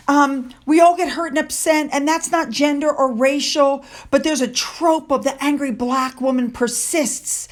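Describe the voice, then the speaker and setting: A woman's voice: high-pitched, fairly even intonation, unhurried, hardly any pauses. A woman hosting a casual commentary channel, speaking in a sarcastic, indignant way and reading quotes aloud between her remarks.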